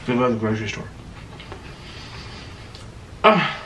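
A man's voice: mid-range voice, very animated, unhurried, a bit bright, slight background noise. A young man hosting an eating video, chatting and rambling casually with his mouth full. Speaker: mukbang host. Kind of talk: casual chat while eating.

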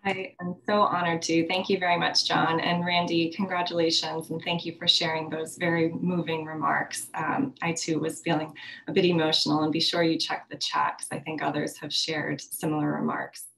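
A woman's voice: low-pitched, level tone, normal speed, creaky, fairly bright tone, a little hiss or hum, rough recording. A woman presenting an award over a video call, with gracious thank-yous. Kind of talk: formal presentation remarks.

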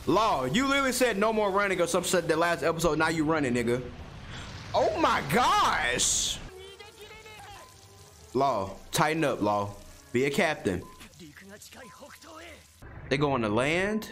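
A man's voice: fairly high pitch, big pitch swings, a little slow, long pauses, a bit bright. A young man, reacting to an anime episode in casual, profane commentary with incredulous outbursts.

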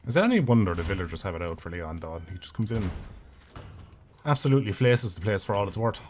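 A man's voice: lowish voice, big pitch swings, fast talker, darkish tone, a little hiss or hum. A man in his thirties with an Irish accent, chatting casually and swearing freely while streaming a video game. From Ireland. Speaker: gaming streamer. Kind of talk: casual live gameplay commentary.

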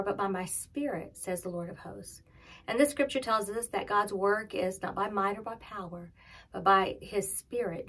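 Woman pastor preaching, soft dips. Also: medium pitch. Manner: conversational storytelling with fillers, dropping to soft near-whispers for emphasis. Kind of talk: sermon.

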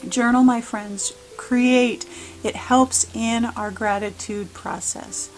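Earnest woman art vlogger, higher voice. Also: fairly even intonation, slow pace, slight background noise, poor audio. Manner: warm, earnest, many "um"s, gets emotional. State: a little emotional. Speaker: mixed-media art vlogger. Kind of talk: casual art tutorial and heartfelt talk.

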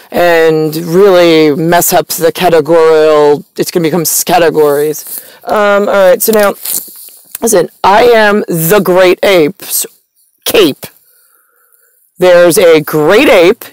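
A woman's voice: on the low side, clean tone, no echo, poor audio. A woman talking to her viewers in a meandering, stream-of-consciousness monologue full of ums and restarts. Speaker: vlogger. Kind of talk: rambling monologue to camera.

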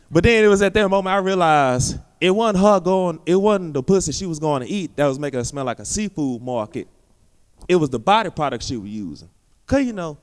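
A man with a high, smooth voice working a stand-up set on a theater stage. He rambles loosely, packing his lines with fillers. The crowd laughs now and then behind him. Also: a bit bright, big-room sound. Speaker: stand-up comedian. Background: audience laughter.

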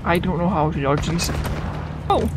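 A young man giving goofy, excitable let's-play commentary, swearing freely and chatting to the characters on screen. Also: on the high side, moderate pace, over loud music. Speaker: gamer.

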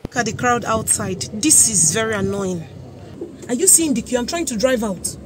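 A woman's voice: a little high, animated, normal speed. A young Nigerian woman with a Nigerian accent, ranting angrily into her phone in an exasperated vlog outside a busy government office. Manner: indignant, exasperated, repeating herself. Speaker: vlogger. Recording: crowd and traffic noise behind.

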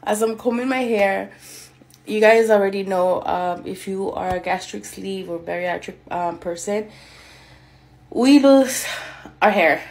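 A woman's voice: mid-range voice, measured pace, darkish tone. A woman in her thirties vlogging at home while she gets ready in the morning. She chats straight to her viewers on a phone camera and uses plenty of fillers. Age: 30s. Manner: chatty, talks straight to viewers with many fillers. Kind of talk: casual vlog addressing viewers.

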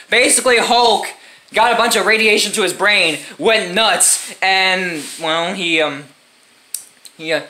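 A woman's voice: medium pitch, bright, forceful tone. A woman vlogger in a casual, rambling comedic rant, swearing a lot and laughing often.

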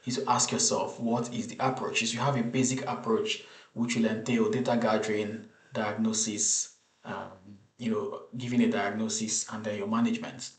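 A man's voice: on the low side, level tone. Man explaining exam cases in a roomy space. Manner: measured, explanatory, frequent restarts and "you know". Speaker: medical exam tutor. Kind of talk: lecture over slides. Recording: roomy echo.

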